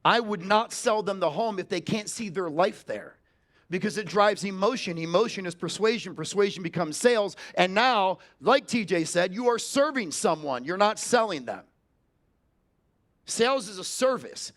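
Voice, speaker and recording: Cocky sales coach guy giving a keynote, kinda high voice, swears a lot, super blunt. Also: lively intonation, normal speed, fairly bright tone. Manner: brash, profane, emphatic. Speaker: sales trainer and keynote speaker. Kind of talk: motivational keynote speech. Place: conference stage before an audience.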